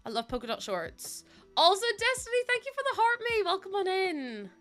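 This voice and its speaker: A woman's voice: a little high, expressive, fast talker, pushed and bright, soft background music. A young woman live streaming, chatty and giggly as she greets viewers, sounding sniffly and close to tears. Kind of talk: casual live-stream chat.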